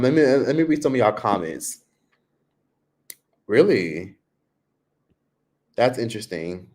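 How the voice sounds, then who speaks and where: Man livestreaming from his laptop, casual and rambling. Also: a little mellow. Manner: chatty, frequent "like", mimics others in high voices. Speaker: livestream vlogger.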